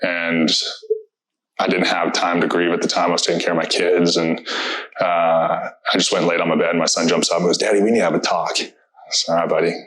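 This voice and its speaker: Man, 30s, very low voice, monotone, halting, reflective testimonial interview. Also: poor audio. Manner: halting, reflective, many fillers and restarts.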